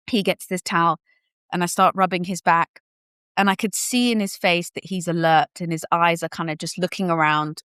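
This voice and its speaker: Podcast guest: young woman, low-pitched, dry close sound, candid and animated storyteller who slips into quoted voices. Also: fairly quick, dry recording. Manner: animated storyteller who acts out what people said; candid, casual, occasional swearing. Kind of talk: personal birth story told in conversation.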